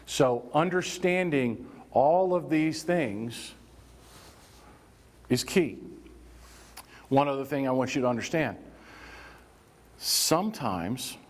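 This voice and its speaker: In a hall with long, ringing reverb, a workplace safety trainer speaks to a room full of staff at an ordinary middle pitch, slowly and with frequent pauses. His intonation is lively as he keeps the live workshop loose and conversational, tossing out questions and acting out little scenes.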